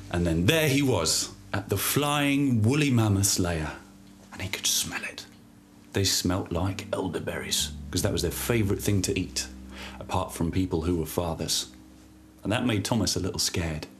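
Low-voiced man improvising a playful children's story. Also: expressive, normal speed, a little hiss or hum. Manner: rambling, hesitant, playful.

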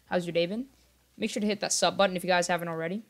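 A man's voice: high-pitched, fairly even intonation, very fast. A young man livestreaming a game, chatting with viewers in a rambling, distracted way and often apologizing, sometimes keeping his voice down. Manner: talks quietly at times to keep noise down. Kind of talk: casual gaming livestream chat.

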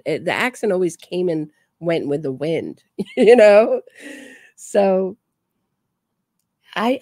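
A woman's voice: on the low side, mellow, no room sound, clean studio sound. A woman giving casual true crime commentary, chatty and laughing between remarks.

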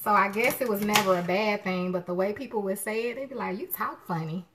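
A woman's voice: mid-range voice, fast, noisy background. A middle-aged woman, hosting a live cooking stream from her home kitchen, chatting with viewers and greeting them by name. Her voice has an unusual sound that people often remark on. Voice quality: distinctive voice others call unusual. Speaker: cooking show host.

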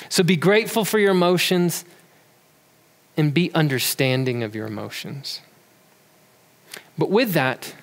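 A pastor in his thirties delivers a sermon with a fairly high voice and relaxed, conversational storytelling. His voice rings through a church hall with a long reverb. He sounds like he is talking with the congregation more than lecturing them. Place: church sanctuary.

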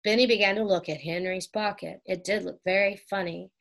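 Gentle woman reading a children's book. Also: medium pitch, fairly even intonation, brisk, creaky. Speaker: audiobook reader. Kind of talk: children's book read aloud.

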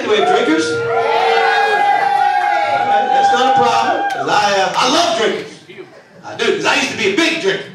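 Middle-aged man, stand-up comedian, high voice, loud punchy crowd work, distant mic, roaring audience. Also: heavy background noise. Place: large theater stage. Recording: echoey theater from far off, loud audience.

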